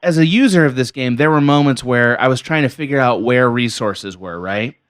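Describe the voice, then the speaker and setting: A man's voice: mid-range voice, a little fast, a bit bright. A man co-hosting a podcast interview, curiously asking the guest questions in a loose, rambling way. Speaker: podcast co-host.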